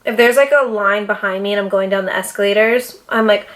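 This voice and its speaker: A young woman talking straight to her camera in a casual sit-down vlog, animated, dramatic and full of swearing. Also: medium pitch, a little fast. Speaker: YouTuber. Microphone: camera mic, seated in front of camera.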